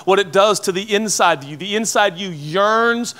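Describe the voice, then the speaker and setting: A man's voice: high voice, moderate pace, bright, forceful tone. A man in his thirties, a pastor preaching a sermon at a conference in a conversational, playful way, often asking the audience questions. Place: conference hall before a live audience.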